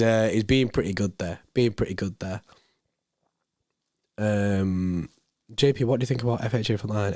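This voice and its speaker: Hoarse laid-back young man. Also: medium pitch, no room sound, clean studio sound. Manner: laid-back, rambling, repeats himself. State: hoarse, voice going. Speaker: football channel host reading live chat. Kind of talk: casual live-stream chat.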